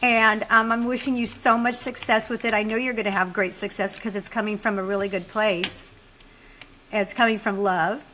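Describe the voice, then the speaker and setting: A middle-aged woman hosts a podcast conversation, speaking earnestly and from the heart. Her voice sits at an ordinary middle pitch, and she talks openly about strong feelings. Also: fairly even intonation, moderate pace, pushed and bright, a little hiss or hum, rough recording. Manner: emotional, earnest, speaks from the gut. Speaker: podcast host.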